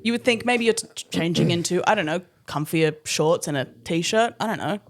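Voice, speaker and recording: A woman co-hosting a podcast, telling an animated story in casual chat, laughing and swearing as she goes. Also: lowish voice, a little fast. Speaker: podcast co-host.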